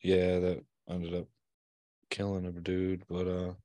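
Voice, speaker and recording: On a dry recording, a Michigan father who co-hosts a podcast tells a childhood story in casual chat. His voice is low, dark, slow and completely flat, and he swears freely while acting out what people said.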